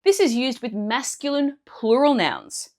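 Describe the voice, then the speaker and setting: A woman speaks as a language teacher in a scripted lesson, walking through each point clearly and step by step. Her voice sits a bit high and swings widely up and down as she explains. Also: big pitch swings, a little slow.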